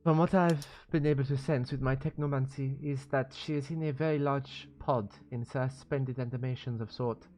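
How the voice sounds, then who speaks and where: A man's voice: mid-range voice, steady tone, mellow, lightly acted. A man voicing Silver Lady, a courteous woman tech mogul with a French accent. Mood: composed. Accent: French, put on. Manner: formal, courteous, measured. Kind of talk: tabletop role-play.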